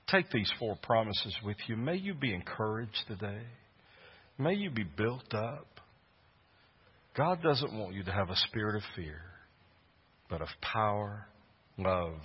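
A man preaching a sermon in an earnest way that swells to loud, fervent peaks. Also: lowish voice, breathy edge, long reverb tail, muffled recording. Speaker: pastor.

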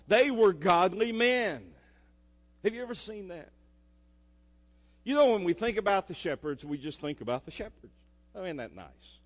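A man preaches a sermon in a slightly high voice. He swings between forceful emphasis and quiet, intimate asides. His words ring with the long echo of a church sanctuary. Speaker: pastor. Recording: echoey church hall.

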